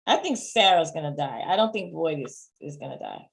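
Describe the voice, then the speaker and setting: A woman co-hosting a casual TV review, chatty and quick to agree, with fast asides. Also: deep voice, expressive, gravelly. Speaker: podcast co-host.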